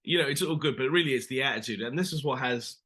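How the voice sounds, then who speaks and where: A man's voice: mid-range voice, fast, a bit bright, breathy edge. A man, an actor, chatting casually as an interview guest, rambling with lots of "you know" and "sort of".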